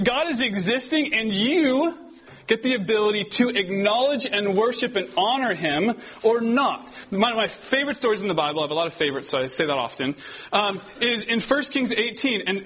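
Young man, husky voice, slightly high, casual sermon, conversational, animated storytelling. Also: rough recording. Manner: conversational, restarts often, animated when telling stories. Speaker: preacher. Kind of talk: casual sermon to a youth group.

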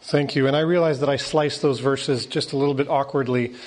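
A man leading a Bible study, explaining a passage in a relaxed way with fillers. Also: medium pitch, brisk. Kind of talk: casual teaching.

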